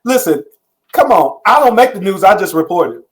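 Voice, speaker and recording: Man, middle-aged, coach host, animated pitch, hype-man teasing. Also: fairly quick, low-quality recording. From Atlanta, US. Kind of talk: casual interview chat.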